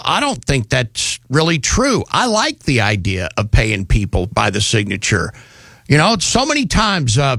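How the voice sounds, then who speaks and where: Male talk radio host, gravelly and unhurried, swings his pitch a lot, indignant and sarcastic, dry studio sound. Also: fairly bright tone, no echo. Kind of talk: opinionated talk radio monologue.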